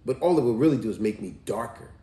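Man, book reading with commentary, chatty, mellow tone, echoey room. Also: medium pitch, animated, fast talker, distant mic. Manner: chatty, musing asides, rereads lines. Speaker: book reviewer.

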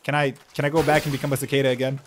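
A young man giving casual, excitable, self-mocking commentary while playing a video game, yelping when he gets hit. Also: medium pitch, very fast, slight background noise. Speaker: gaming YouTuber.

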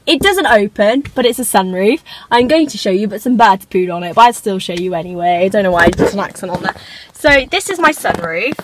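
A woman's voice: on the high side, slight background noise, low-quality recording. A teenage woman, chatting and rambling casually through a car tour vlog from inside her parked car. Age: teens. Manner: rambling, chatty, self-conscious asides. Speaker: vlogger.

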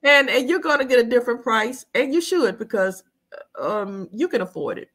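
A woman's voice: fairly high pitch, normal speed. A woman from the United States, a guest in a casual conversation, telling stories with lots of laughter. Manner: animated storyteller, laughs often.

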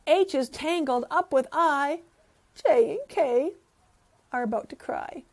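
A woman teacher reads a picture book aloud to children, stopping to ask them questions. Her slightly high voice swings widely in a sing-song way, and she takes her time with each line. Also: takes it slowly. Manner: animated, sing-song, asks the listeners questions.

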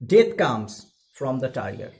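A man's voice: medium pitch, big pitch swings, takes it slowly, a little mellow, voice pushed down. A male teacher reading the lines of a grave chief astrologer making a prophecy. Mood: solemn.

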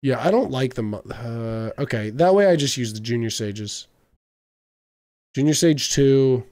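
A man's voice: mid-range voice, animated, unhurried, a little mellow. A young man giving casual let's-play commentary, thinking aloud and stumbling over game words. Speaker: gaming video creator.

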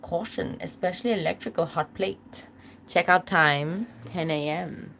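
A woman's voice: lowish voice, measured pace, vocal fry, a bit bright, slight background noise. A woman hosting a casual livestream from a small rented room, joking and teasing, picked up by a phone camera. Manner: joking, teasing, reads signs aloud. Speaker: band member hosting a livestream.

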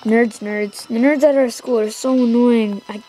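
Excitable teen girl rambling over a game. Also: a little high, a little slow, faint music behind. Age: teenager. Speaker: let's play host. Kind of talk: gameplay commentary. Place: home.

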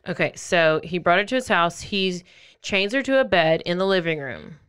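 Smooth-voiced woman telling a crime story. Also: on the low side, normal speed. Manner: animated, acts out quotes in playful voices. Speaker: podcast host. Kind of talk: casual true-crime storytelling.

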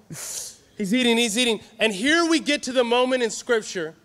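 Male youth preacher, high-pitched and animated, live in a reverberant hall. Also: normal speed. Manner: animated, joking with the crowd. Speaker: youth conference speaker. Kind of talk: energetic sermon.

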